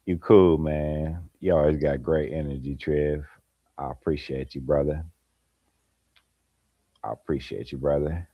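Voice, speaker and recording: A man's voice: very deep voice, fairly even intonation, unhurried, long pauses, dry recording, muffled recording. A man hosting a late-night livestream, chatting casually with viewers by name and laughing often. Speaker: livestream host. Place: home at night, holding a light.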